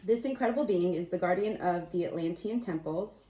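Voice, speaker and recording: Low-voiced woman giving a rambling card reading. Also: fairly quick, mellow. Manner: meandering, chatty, self-amused. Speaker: tarot and oracle card reader. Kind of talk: casual spiritual card reading. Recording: roomy echo, distant mic.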